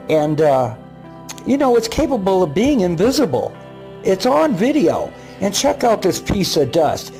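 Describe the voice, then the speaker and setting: An older man in a casual vlog, narrating his own video footage in a rambling, halting way, with repeated words and many fillers. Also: fairly high pitch, darkish tone. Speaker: paranormal video maker.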